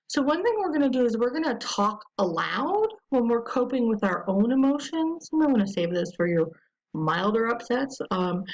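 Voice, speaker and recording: Woman, educational webinar presenter, fairly high voice, casual with ums, gentle modeled self-talk. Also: low-quality recording. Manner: slow, soothing modeling of self-talk in quotes; conversational with frequent ums.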